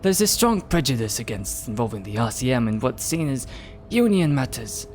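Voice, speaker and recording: A man reading aloud as a calm, reserved male police lieutenant, giving a case briefing in a measured, dry way. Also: mid-range voice, soft background music, natural voice. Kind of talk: reading game dialogue aloud.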